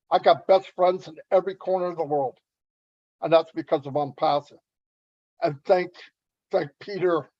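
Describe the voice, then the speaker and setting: An earnest man speaks on a webinar, rambling and restarting his sentences as he goes. His voice sits a little high. The sound is dry and slightly muffled, like online call audio. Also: no echo. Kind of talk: testimonial talk.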